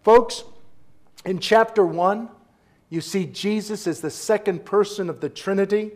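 A pastor preaches a sermon in a notably high voice at a measured pace. He's emphatic, building to forceful exclamations before dropping to hushed asides, and keeps calling out for responses from his congregation.

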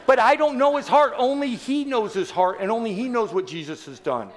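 A man's voice: extremely high pitch, fairly quick. A man in his sixties preaching an evangelistic sermon to a church congregation, joking and quizzing the crowd with rhetorical questions. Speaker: guest preacher.

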